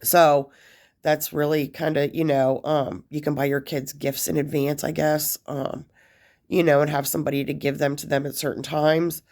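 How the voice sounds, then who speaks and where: A woman's voice: low voice, little pitch movement, normal speed, darkish tone. A woman vlogger giving casual advice to camera, rambling with many fillers and restarts, and emotional enough to be near tears at times. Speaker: vlogger sharing life after prison.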